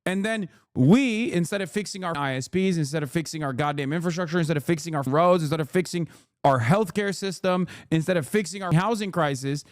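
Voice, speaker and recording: A man's voice: fairly high pitch, no echo, studio quality. Sarcastic man ranting. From United States. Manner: profane, sarcastic, fast-building rants. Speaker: host reacting to clips. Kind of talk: ranting commentary.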